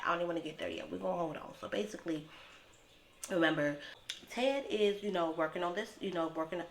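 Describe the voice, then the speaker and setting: A woman's voice: on the low side, brisk, a little hiss or hum. A woman giving a casual, rambling recap of a TV episode, her talk packed with filler words. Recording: roomy echo with faint ambience.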